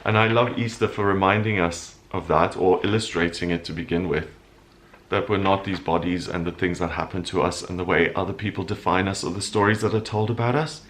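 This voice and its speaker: A man with a somewhat low voice delivers his weekly horoscope. He speaks with earnest, animated feeling and sometimes grows openly emotional. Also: fairly quick. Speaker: astrologer host.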